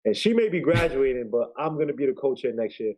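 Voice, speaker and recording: A man's voice: medium pitch, expressive, quick pace, a little mellow, low-quality recording. A man co-hosting a casual sports talk show, joking and bantering loosely. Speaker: co-host, fan commentator. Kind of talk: casual chat.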